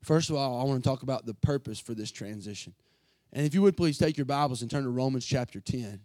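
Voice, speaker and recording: A pastor preaching an emotional sermon from the pulpit, earnest and building to fervent passages. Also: male voice, medium pitch, fast, warm tone, dry recording.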